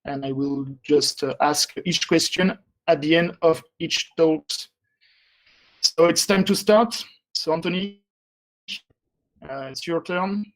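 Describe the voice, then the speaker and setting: Guy hosting a meetup, kinda high voice, hesitant, umms a lot. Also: slow, long pauses, fairly bright tone, low-quality recording. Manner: hesitant, many fillers. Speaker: meetup host. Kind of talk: casual event introduction.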